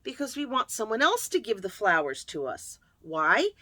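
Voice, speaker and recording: A woman chatting casually to camera as host, jokey and lively, laughing often. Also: mid-range voice, moderate pace, no echo. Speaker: self-help video host.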